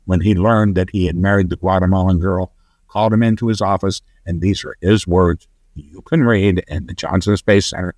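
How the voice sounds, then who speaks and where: Podcast guest, male, low-pitched, rambling storyteller, dry close sound. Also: no room sound. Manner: rambling, animated when quoting others. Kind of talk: conversational storytelling.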